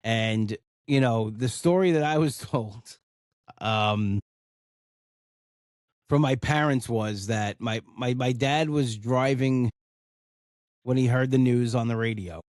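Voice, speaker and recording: A man's voice: medium pitch, slow, pauses often, a little mellow, dry recording, studio quality. A man, hosting a casual solo podcast, talking in a rambling, heartfelt way with many "you know" fillers. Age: 40s. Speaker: podcast host.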